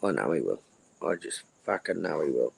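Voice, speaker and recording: A man's voice: extremely low pitch, sing-song, moderate pace, creaky, slight background noise, low-quality recording. A middle-aged man hosting a casual livestream, rambling crudely and repeating his phrases. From Australia. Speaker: livestream host.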